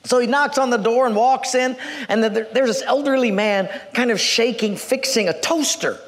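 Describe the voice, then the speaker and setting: Folksy joking preacher, high voice. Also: male voice, moderate pace, fairly bright tone. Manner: folksy, joking, chuckles between lines. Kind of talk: humorous sermon storytelling. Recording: long reverb from a hall.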